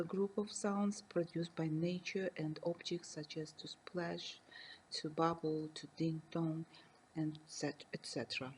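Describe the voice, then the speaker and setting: A woman lecturer reading a recorded university lesson slowly and carefully, defining terms and giving examples. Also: low voice, darkish tone, slight background noise, rough recording.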